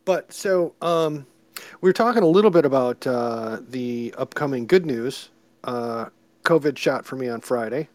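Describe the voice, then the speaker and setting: A man's voice: medium pitch, lively intonation, measured pace, a little mellow, dry recording. A man co-hosting a casual chat podcast, joking and rambling between topics. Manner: jokey, rambling. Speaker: podcast co-host.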